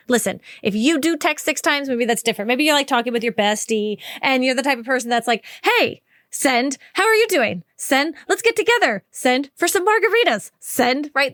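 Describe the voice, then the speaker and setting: Woman doing a relationship podcast, kinda high voice, super dry close mic, talks right at you. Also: dry recording. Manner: warm, direct, conversational with slow emphatic stretches. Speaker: podcast host. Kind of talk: solo podcast advice talk.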